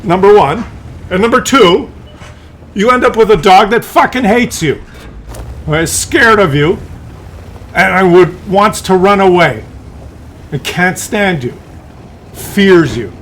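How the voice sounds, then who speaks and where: A man's voice: sits high, animated, takes it slowly, pauses often, a bit bright, slight background noise. Rambling, swearing man ranting. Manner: rambling, swearing, many fillers and restarts. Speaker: streamer. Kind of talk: profane ranting monologue.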